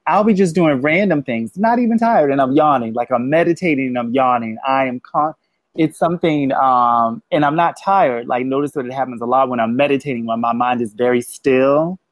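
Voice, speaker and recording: A man's voice: mid-range voice, a little fast, no room sound. A man co-hosting a podcast in casual chat, easygoing and agreeable, rambling a little as he talks. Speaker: podcast co-host.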